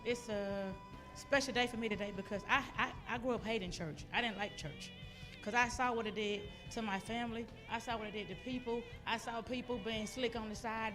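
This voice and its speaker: A woman giving an emotional, loud motivational talk as a guest speaker on a church stage. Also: on the high side. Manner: loud, exuberant, emotional testimony to a crowd. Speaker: guest speaker, business owner.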